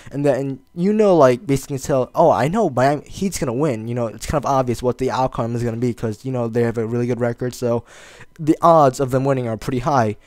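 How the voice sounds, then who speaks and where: Rambling young man, mid-pitched voice. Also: darkish tone, no echo. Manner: rambling, hesitant, many fillers and restarts. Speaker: video blogger. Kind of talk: casual rambling monologue.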